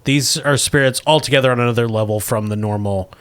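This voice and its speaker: A man's voice: medium pitch, fast, a bit bright, smooth. A man narrating a tabletop game as game master, describing scenes vividly.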